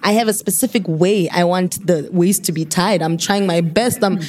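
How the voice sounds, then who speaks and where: A woman's voice: fairly low pitch, normal speed. A young woman from Botswana, telling a story as a podcast guest and acting out the voices of the people in it. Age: young adult. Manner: lively, acts out voices of people in her story. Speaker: podcast guest, fashion designer.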